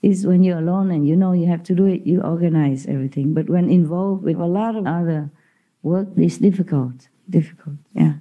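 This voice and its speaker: A woman's voice: on the low side, fairly quick, phone-quality sound. A woman talking as a spiritual teacher, telling stories casually with frequent laughter in non-native English grammar. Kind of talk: casual storytelling talk.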